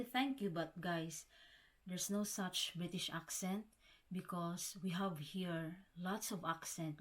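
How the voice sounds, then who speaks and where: A woman from the Philippines chatting casually to camera as a vlogger, calling her viewers guys and often restarting words. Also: fairly low pitch. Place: home in the Scottish Highlands.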